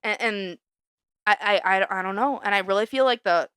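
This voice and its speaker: A young woman co-hosting a casual podcast, ranting heatedly, swearing often and jumping around in pitch when fired up. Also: normal speed, clear, resonant tone, no echo, clean studio sound. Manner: animated, big jumps in pitch when fired up. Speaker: podcast co-host. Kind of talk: casual chat. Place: small studio under a lamp.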